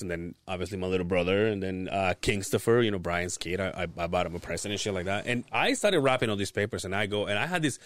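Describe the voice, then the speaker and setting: A man's voice: lowish voice, no echo. A man co-hosting a podcast, joking loosely and laughing as he tells stories in crude banter. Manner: expressive, laughs often, mimics voices. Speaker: podcast co-host.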